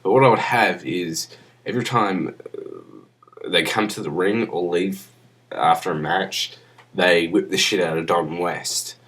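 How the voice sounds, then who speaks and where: A man's voice: sits low, unhurried, a bit bright. A young man rambling crudely and profanely into a webcam in a casual vlog, sounding drunk. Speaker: vlogger.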